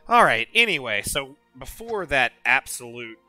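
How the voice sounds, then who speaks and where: A man's voice: mid-range voice, very animated, normal speed, sharp tone, no echo, soft background music. A man hosting a casual gaming stream, laughing often and teasing his co-hosts. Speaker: podcast host.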